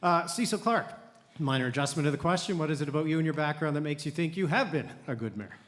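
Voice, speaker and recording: A man moderating a televised mayoral debate, introducing candidates with brisk, upbeat remarks. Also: on the high side, expressive, a bit bright. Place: convention centre hall. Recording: long reverb in a convention hall.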